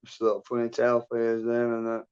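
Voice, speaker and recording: A man's voice: medium pitch, monotone, racing, darkish tone, smooth, lo-fi sound. A man hosting a livestream, telling a rambling story in casual chat, swearing constantly and laughing as he goes. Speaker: livestream host.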